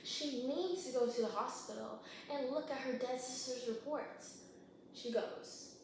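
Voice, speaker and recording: A young woman casually retelling a thriller plot while baking, gossipy and quick, acting out the characters' lines. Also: high voice. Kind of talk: casual chatty plot recap. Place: home kitchen. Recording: very echoey kitchen, faint hum.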